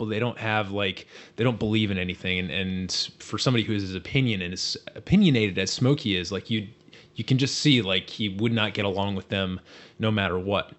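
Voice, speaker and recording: Man, podcast host, casual chat, eager storyteller, repeats words. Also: on the low side.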